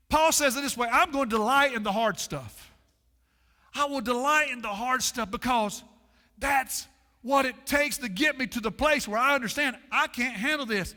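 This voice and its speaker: Male pastor, sermon, repetitive call-and-response cadence, bright ringing tone, reverberant sanctuary. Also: extremely high pitch. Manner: preaching with dramatic pauses and repetition. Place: church sanctuary.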